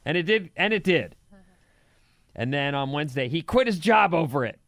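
A man's voice: on the high side, animated, moderate pace, a bit bright, no room sound, studio quality. A man co-hosting a casual chat show, teasing his partner with prodding questions.

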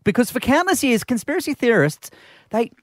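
A man with an Australian accent co-hosting a breakfast radio show, telling stories in an animated way. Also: very high-pitched, a little fast, no room sound, clean studio sound. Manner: animated storytelling. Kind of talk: casual radio banter.

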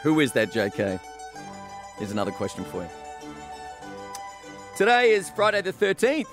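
Chatty Australian male talkback host, slightly high voice, music bed behind. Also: wildly swooping pitch, moderate pace. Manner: chatty, laughs easily. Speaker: radio host. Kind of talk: talkback radio chat.

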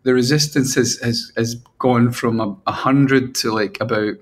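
A man's voice: mid-range voice, fairly even intonation, slight background noise. Self-mocking middle-aged male songwriter. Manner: self-mocking, halting with many restarts, mimics his own inner voices. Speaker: band frontman and songwriter. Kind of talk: candid casual interview talk.

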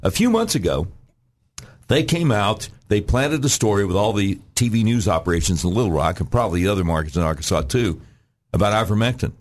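Emphatic low-voiced man making his pitch. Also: animated, brisk. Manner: clears throat often. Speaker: gubernatorial candidate guest. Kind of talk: radio talk show interview.

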